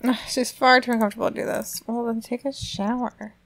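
A woman's voice: a little high, steady tone, brisk. A young adult woman giving casual commentary while she plays a life-simulation game, chatty and reacting aloud to what happens. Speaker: let's play gamer.

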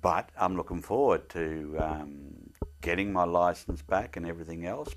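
Older man, deep voice, earnest plain-spoken storyteller of faith. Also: normal speed, slight background noise. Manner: devout, speaks earnestly of faith. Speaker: interviewee. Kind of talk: telling a personal story.

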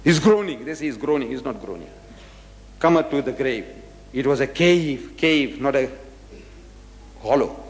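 A man's voice: mid-range voice, lively intonation, moderate pace, pauses often. A man giving a religious lecture, reading scripture verses aloud and explaining them with rhetorical questions. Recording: echoey hall with long reverb.

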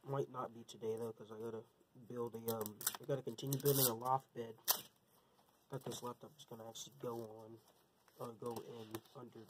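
A young man casually unboxing a gaming laptop in his cold bedroom, excited and rambling, his voice a little shaky from the cold. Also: medium pitch, a little fast, very noisy. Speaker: tech unboxing vlogger.

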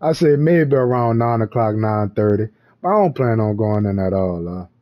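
A man's voice: fairly low pitch, animated, moderate pace, highs cut off. A young man chatting casually with an AI assistant, loose and full of street slang. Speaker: vlogger talking to an AI assistant.

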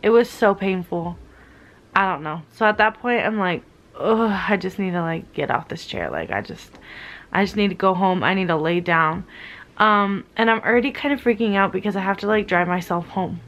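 A woman's voice: mid-range voice, moderate pace, fairly bright tone, highs cut off. A young woman telling a story to her vlog camera while still in pain, her voice worn and weary. She talks candidly and casually, with swearing and plenty of "like" filler. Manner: candid, swearing, heavy use of "like". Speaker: vlogger.

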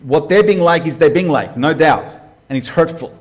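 A man preaching to a live congregation, conversational and direct, asking the room questions and swinging between hushed and loud. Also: a little high, moderate pace, slight background noise. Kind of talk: sermon. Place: church hall before a live congregation.

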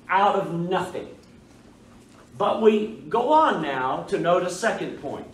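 A man with an East Texas accent teaches a Bible study from the pulpit, speaking in a measured, emphatic way that circles back on key phrases. His voice sits a little high. It is picked up from a distance in a reverberant church, with a faint hum of room noise behind it. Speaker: pastor. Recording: echoey room, mic far off.

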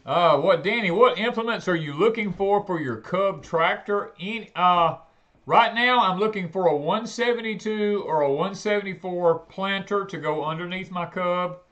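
A man chatting on a homestead livestream, telling stories in a folksy way that turns loud and heated. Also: high voice, normal speed. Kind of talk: casual live chat. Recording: dull lo-fi livestream audio.

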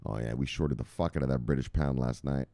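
A man hosting a casual crypto video, reading out viewer comments in a rowdy, foul-mouthed way, with shouted catchphrases between muttered asides. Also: extremely low pitch, fairly quick, no room sound, clean studio sound.

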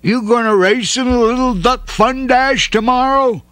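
A man voicing a friendly, encouraging male dog in a children's storybook, speaking slowly and kindly. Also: extremely high pitch, fairly bright tone, no room sound, pitched above the performer's own voice. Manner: kind, coaxing, slow and emphatic. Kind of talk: storybook character voice.

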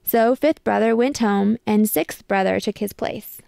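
A woman reading a picture book aloud with measured, expressive storytelling. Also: mid-range voice, creaky, clean tone, no echo, clean studio sound. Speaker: storybook reader.

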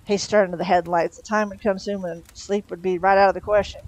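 A woman reading a comic novel aloud, steady, with small slips and restarts. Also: medium pitch, fast, hardly any pauses, low-quality recording. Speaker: storyteller.

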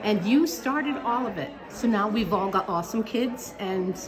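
A woman's voice: mid-range voice, expressive, normal speed. A woman giving a heartfelt, devout birthday tribute to her mother. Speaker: daughter. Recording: party crowd behind.

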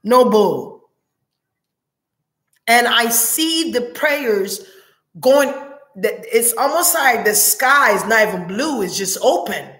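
A woman's voice: on the high side, animated, slow, long pauses, a bit bright, reverberant. A woman giving a spiritual reading as a monologue, talking intensely and repeating prayer words like a chant. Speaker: spiritual reader.

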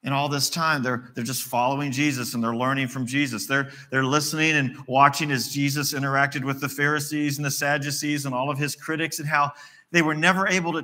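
A man from West Virginia delivers a sermon in a bright, forward voice. He tells the story conversationally and slips into the characters' dialogue as he goes. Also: medium pitch, level tone, a little fast. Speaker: pastor.

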